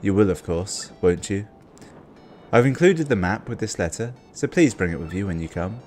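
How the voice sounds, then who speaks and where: A man's voice: lowish voice, expressive, normal speed, darkish tone, faint music behind, close to an everyday voice. A man reading aloud a polite letter from a princess in his own voice.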